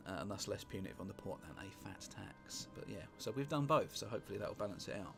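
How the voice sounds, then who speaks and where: A British man casually commentating on a strategy game he is playing, rambling and wry, with sweary asides and thinking out loud. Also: fairly low pitch, lively intonation, fast, vocal fry. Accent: British English. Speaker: gameplay commentator. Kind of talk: casual let's-play commentary. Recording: music playing underneath.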